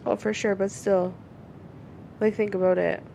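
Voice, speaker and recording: Co-hosting a casual podcast, a woman with a medium-pitched, gravelly voice tells stories at a measured pace. She's animated, swearing a lot and performing both ends of phone calls. Slight background noise is present.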